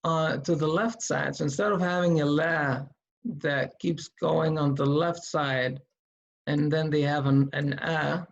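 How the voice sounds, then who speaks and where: A man teaching Quran reading in a slow, step-by-step tutorial, patiently thinking aloud as he writes. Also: a little high, steady tone, vocal fry, muffled recording.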